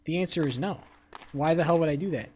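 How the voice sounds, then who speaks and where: A young man live-streaming, loudly trash-talking and swearing as he banters with his chat. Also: fairly high pitch, fast talker, a little hiss or hum. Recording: faint music behind the voice.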